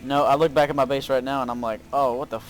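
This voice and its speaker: Brief: male gameplay commentator, loose and rambling, everyday mid-pitch voice, faint music underneath. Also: level tone, quick pace. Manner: rambling, filler-heavy, self-narrating. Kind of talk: casual game commentary. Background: faint background music.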